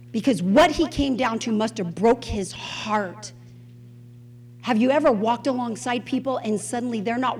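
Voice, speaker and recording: A woman teaching a Bible study in an expressive, conversational way, putting questions to her listeners. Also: high-pitched, poor audio.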